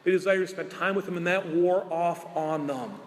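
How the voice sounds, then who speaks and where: High-voiced priest preaching in a reverberant church. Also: male voice. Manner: earnest preaching with rhetorical questions and slow emphatic endings. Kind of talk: sermon.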